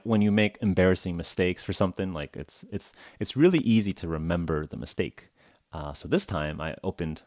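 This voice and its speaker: A low-voiced man hosts a casual storytelling podcast for English learners, telling a self-mocking story in a chatty way full of fillers like "uh" and "like." The recording is dry and sounds clean, like a studio.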